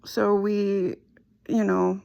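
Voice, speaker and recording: A middle-aged woman slowly and haltingly retelling a painful personal story. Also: medium pitch, flat delivery, creaky, darkish tone. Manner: slow, halting, emotional retelling. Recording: dull lo-fi recording.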